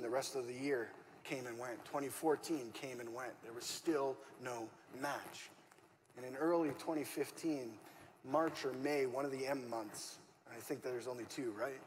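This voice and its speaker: A male pastor preaching a conversational, story-driven sermon and acting out the dialogue he quotes. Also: medium pitch. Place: church auditorium. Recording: church hall reverb, faint room noise.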